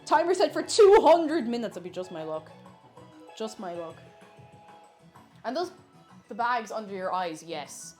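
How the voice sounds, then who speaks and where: A woman's voice: on the high side, sing-song, a little slow, long pauses, darkish tone, soft background music. Lady streamer chatting away while she bakes, laughs a lot, voice swings up and down. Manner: chatty, laughs often, reads out chat messages. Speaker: streamer baking live. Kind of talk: casual chat while baking.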